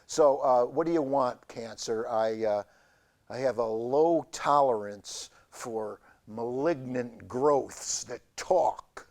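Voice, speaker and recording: A man hosting a community TV show, telling a rambling comic monologue in a halting deadpan way with many fillers. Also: medium pitch. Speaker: show host. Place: community TV studio.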